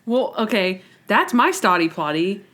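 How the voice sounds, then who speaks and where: A young woman talks casually as a podcast co-host. She is animated and breaks into quick acted-out quotes, often restarting her sentences mid-thought. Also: medium pitch. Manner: animated, quotes people in voices, trailing restarts. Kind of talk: casual chat.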